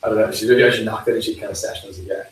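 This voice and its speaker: A young man telling a story to friends in an animated way, quoting others and swearing. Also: lowish voice, very fast. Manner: animated, quotes others in put-on voices, swears. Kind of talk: casual storytelling among friends. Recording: echoey room, mic far off, faint hiss.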